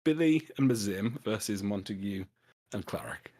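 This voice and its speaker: A man running a tabletop game as game master, laid-back and quick to laugh. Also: on the low side, expressive, a little mellow.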